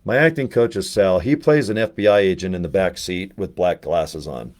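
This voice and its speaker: Low-voiced man telling rambling stories. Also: normal speed. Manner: rambling, animated, jumps between anecdotes. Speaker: network marketer. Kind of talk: casual storytelling to camera.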